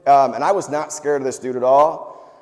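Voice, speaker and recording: A man's voice: medium pitch, moderate pace, long reverb tail. A man preaching a sermon as pastor, talking casually and animatedly with asides and personal stories. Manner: conversational, animated storytelling with asides. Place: church hall.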